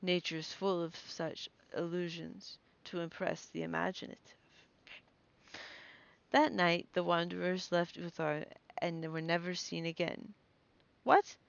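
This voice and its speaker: A young woman reads a story aloud to her live-stream viewers, pausing often to chat and laugh at herself. Her voice sits low with a gravelly edge. The sound is dry and a touch dull. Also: dry recording. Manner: stumbles over names, breaks off to react and laugh. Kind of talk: live-stream story reading with chatty asides.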